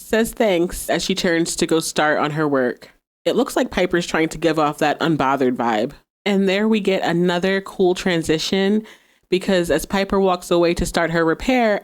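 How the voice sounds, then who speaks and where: A woman's voice: fairly low pitch, normal speed, darkish tone. A woman hosting a podcast, casually recapping an episode, laughing often and acting out the characters' lines. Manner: chatty, laughs often, acts out quoted dialogue. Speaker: podcast host.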